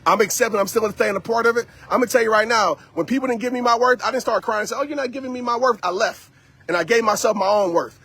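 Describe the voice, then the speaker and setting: A man speaks to his live-stream viewers while out on a walk, pressing a motivational message with lots of repetition. His voice sits high for a man and has a husky, breathy edge. He sounds like he is talking into a phone held in his hand. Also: quick pace, a bit bright. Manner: preachy, repetitive, addresses audience directly.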